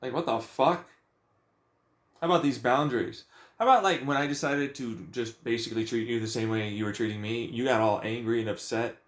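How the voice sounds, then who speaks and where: A man's voice: medium pitch, brisk. A young man venting in a profane, agitated, rambling rant about his life. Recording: echoey room.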